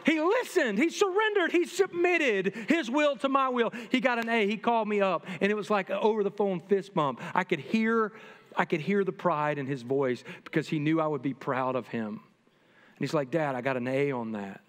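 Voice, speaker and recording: A middle-aged man, a pastor, preaching a sermon to his congregation in a lively, humorous way that speaks straight to the people. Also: high voice, moderate pace. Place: church sanctuary. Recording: long reverb from a church hall.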